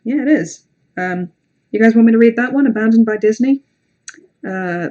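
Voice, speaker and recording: A woman's voice: medium pitch, a little mellow. A young British woman with a British accent, chatting casually on a livestream between horror story readings, rambling, self-deprecating and sweary. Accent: British English. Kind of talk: casual live-stream chat and story reading.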